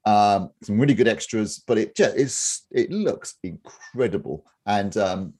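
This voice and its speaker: A man with a husky voice, blunt and opinionated, chatting casually on a podcast and swearing freely. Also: fairly low pitch, lively intonation, measured pace, a little mellow. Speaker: home cinema reviewer.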